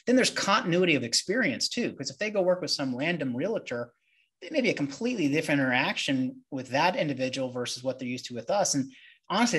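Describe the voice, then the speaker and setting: A man's voice: medium pitch, fairly bright tone, slightly rough. A man, a mortgage loan originator answering interview questions in a candid, conversational way. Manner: candid, conversational, acts out client dialogue.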